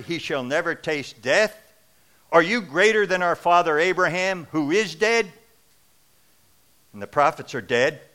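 A man's voice: sits high, bright, forceful tone, pitched above the performer's own voice, heavily acted. A man reading scripture aloud, voicing angry male religious leaders who raise their voices in indignant challenge.

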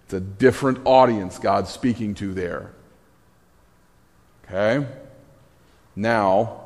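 Animated man preaching in an echoey hall. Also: fairly low pitch, slow, long pauses. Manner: animated storytelling with wry asides. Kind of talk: conversational sermon.

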